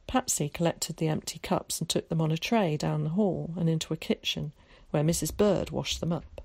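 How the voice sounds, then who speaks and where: A woman narrates a children's storybook as an audiobook narrator, reading in a steady, measured voice on the lower side with vocal fry and a breathy edge. She slips into character voices for the dialogue, and the close, dry recording has no room sound.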